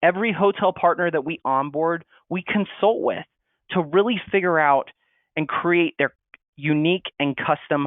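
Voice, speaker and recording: A man's voice: on the high side, no echo. A man giving a marketing webinar presentation, explaining steadily and reading sample replies aloud. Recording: tinny phone-like audio, dry.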